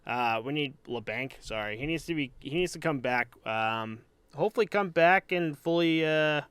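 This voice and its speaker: Guy cohosting a podcast, rambly and unsure, lots of likes, smooth clear voice, dry sound. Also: on the high side, normal speed, a bit bright, dry recording. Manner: rambling and hesitant, heavy on "like" and restarts. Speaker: podcast co-host. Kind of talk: casual sports chat.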